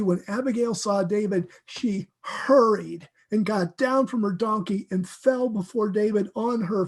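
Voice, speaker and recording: A man with a fairly high voice leads a Bible teaching. He speaks earnestly and with feeling, often repeating words and restarting his sentences. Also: a little mellow. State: emotional.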